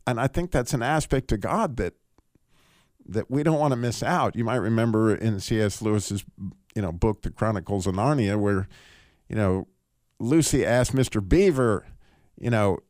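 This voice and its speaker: A man hosting a radio call-in show, teaching through a Bible passage in a casual, animated way. He laughs often and restarts his sentences. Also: fairly low pitch, normal speed, no echo, studio quality.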